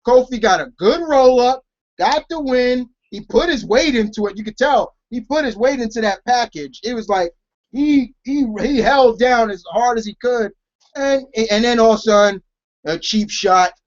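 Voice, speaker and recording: A man's voice: very high-pitched, normal speed. Rambling man, muffled lo-fi recording. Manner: rambling, many restarts and fillers. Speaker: wrestling talk show co-host. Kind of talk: casual chat.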